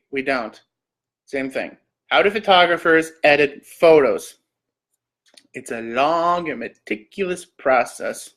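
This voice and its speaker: A man's voice: mid-range voice, a bit bright. A man from Canada hosting a casual live stream, reading search questions aloud and joking back answers. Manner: reads questions aloud then jokes back. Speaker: livestream host.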